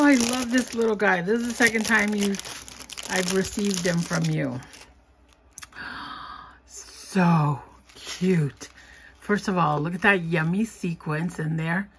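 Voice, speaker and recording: A woman chatting casually as she opens craft mail, gushing and giggling, sometimes dropping to a soft whisper. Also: lowish voice, slight background noise. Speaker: craft vlogger opening happy mail. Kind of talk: casual unboxing chat.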